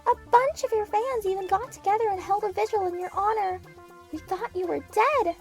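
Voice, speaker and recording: Brief: very high-pitched, cutesy, chaotic anime space-probe girl; comedy audio drama, faint music under. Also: darkish tone. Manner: babyish cutesy talk flipping to blunt swearing.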